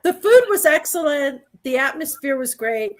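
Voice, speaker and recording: A woman's voice: sits high, animated, normal speed. A woman co-hosting a live stream over a video call, describing things in a rambling, chatty way. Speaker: co-host. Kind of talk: casual chat.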